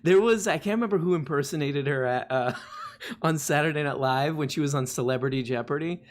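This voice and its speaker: A man's voice: fairly high pitch, fairly quick. A man hosting a casual live stream, rambling and laughing at himself as he reads requests. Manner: rambling, laughing, self-mocking. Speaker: streamer host.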